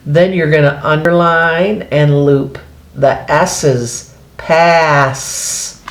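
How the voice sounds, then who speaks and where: Slow, lively-voiced woman teaching phonics. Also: deep voice, roomy sound. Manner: slow, patient, sing-song teaching voice. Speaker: reading teacher. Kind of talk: early-grade phonics lesson.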